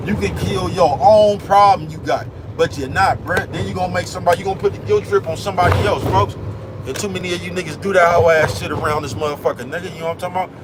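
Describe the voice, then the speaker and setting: A man's voice: high-pitched, steady tone, fast, noisy background. Streetwise man ranting outdoors. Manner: streetwise slang, repeats "you know what I'm talking about". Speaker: vlogger. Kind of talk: casual rant to camera.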